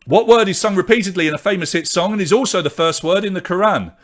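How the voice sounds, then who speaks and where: Brisk man hosting an online pub quiz. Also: high-pitched. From Britain. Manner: brisk, reading scores and chatting with viewers in the feed. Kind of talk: live-streamed quiz hosting.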